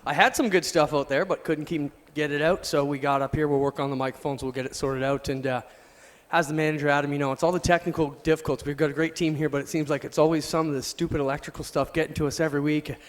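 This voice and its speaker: A man's voice: on the high side, steady tone, fast. A man who manages a speedway, telling racing stories in casual booth commentary over a headset mic.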